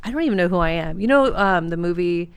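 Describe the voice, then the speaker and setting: A woman hosting a relaxed podcast conversation as a coach, with a smooth, resonant and slightly low voice. She talks in a measured, reflective way and affirms her guest. The mic is close and dry. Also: no echo.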